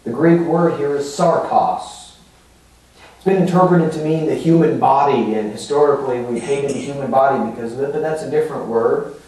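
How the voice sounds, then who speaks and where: In a church sanctuary, a male pastor with a mid-range, slightly mellow voice explains scripture at a normal speed. His teaching style is conversational, full of fillers and rhetorical asides, and the recording catches him from a distance in an echoey hall.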